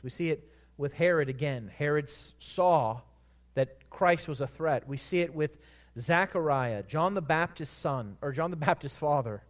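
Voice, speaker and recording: A man preaching a sermon in a church, earnest, swelling louder on scripture and dropping soft at the ends of phrases. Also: medium pitch. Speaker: pastor.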